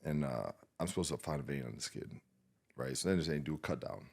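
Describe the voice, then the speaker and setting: A man, a veteran guest on a podcast, telling an emotional personal story in a halting, subdued way, with many restarts and fillers and frequent swearing. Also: rumbling low, animated, vocal fry, darkish tone, husky.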